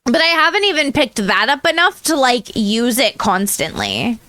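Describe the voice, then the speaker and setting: An American woman streams from home in a high, animated voice that swoops up and down as she rambles. Her tone is bright, she laughs a lot, and the sound is close and dry. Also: normal speed, dry recording. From United States. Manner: rambling, chatty, laughs often, answers chat. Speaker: VTuber streamer. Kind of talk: casual livestream chat.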